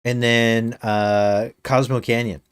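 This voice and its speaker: A man's voice: medium pitch, flat delivery, slow pace, smooth, no echo. A male game streamer chatting casually on a live stream, rambling with many fillers and slipping in dry jokes.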